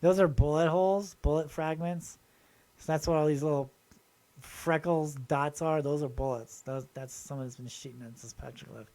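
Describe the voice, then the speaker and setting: A man's voice: a little high, moderate pace. Male channel host, eager and rambling, talks straight to viewers in a casual show-and-tell. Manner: excited, rambling, addresses viewers directly.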